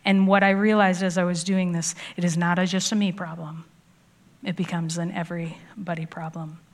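A woman's voice: on the low side, level tone, moderate pace. A woman in her forties, a youth pastor preaching in a chatty storytelling way, often laughing and acting out what people said. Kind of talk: sermon.

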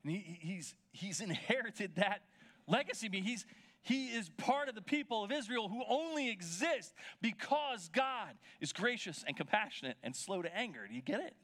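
High, bright-voiced male preacher. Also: animated, normal speed. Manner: conversational retelling, checking in with listeners. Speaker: pastor. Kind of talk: sermon.

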